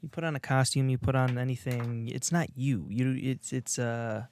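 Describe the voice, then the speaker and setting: Slight background noise sits under this Illinois man's mid-range, darkish voice, which moves at a moderate pace with fairly even intonation. He co-hosts a casual podcast on a video podcast studio mic, rambling along with many fillers and restarts.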